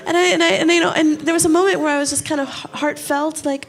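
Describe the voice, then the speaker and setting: A woman's voice: high-pitched, quick pace, few pauses. A woman giving an informal inspirational talk on stage, candid and self-mocking, swearing freely and acting out what people said. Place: event stage before a live audience.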